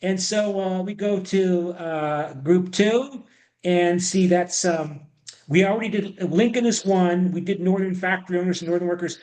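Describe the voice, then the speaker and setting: A high-voiced man lectures on history to an online class, circling back on his words and restarting sentences. His voice carries a roomy echo through a video call microphone. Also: a little slow, darkish tone. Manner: rambling, many restarts and repeated words. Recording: echoey room.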